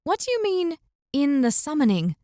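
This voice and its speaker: A woman's voice: high-pitched, very animated, moderate pace, warm tone, no echo, studio quality. A woman voicing a young heroine in a fantasy audiobook, urgent and insistent in her questions. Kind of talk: audiobook character voice.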